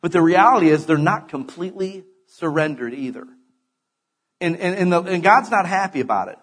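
A man's voice: high voice, lively intonation, brisk, a bit bright, breathy edge. A middle-aged man preaching a sermon in a conversational way, with sudden emphatic bursts.

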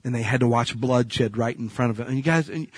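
A male pastor preaching a sermon, telling Bible stories in an animated way that swings from hushed to loud. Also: medium pitch, fairly quick, breathy edge, no room sound.

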